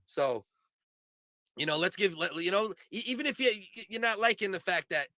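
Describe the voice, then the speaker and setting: A man's voice: high-pitched, expressive, normal speed, sharp tone, no echo. A man hosting a casual comedy podcast, talking in a rambling, profane, opinionated way. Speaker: podcast host.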